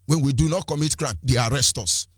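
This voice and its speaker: A Nigerian activist with a Nigerian accent gives an impassioned political address, firing off rhetorical questions, repeating phrases and switching between languages. His medium-pitched voice is a little fast and slightly rough, captured in a dry, clean studio recording.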